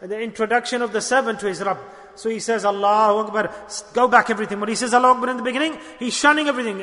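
High-voiced, bright preacher in a hall. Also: male voice, fast talker. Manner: emphatic, repeats lines and asks the audience questions. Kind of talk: sermon. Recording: long hall reverb.

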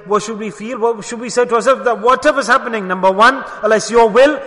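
A man with a very high, bright voice preaches a sermon. He presses his points with emphatic rhetorical questions and often drops to soft, low murmurs. His voice rings with the long reverb of a large hall. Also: fast talker.

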